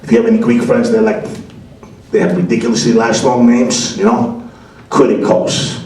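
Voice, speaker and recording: A man's voice: medium pitch, fairly even intonation, normal speed. A male stand-up comedian, telling brash, profane stories in a comedy club set. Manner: brash, profane, acts out voices, shouts punchlines. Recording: very echoey club from a distance, crowd laughter. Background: audience laughing.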